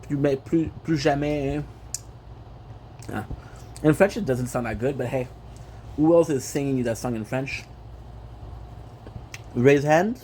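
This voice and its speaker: A man's voice: medium pitch, expressive, unhurried, pauses often, a little mellow, slight background noise. A man chatting casually on a gaming livestream, playful and rambling, tossing in French phrases. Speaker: gaming streamer.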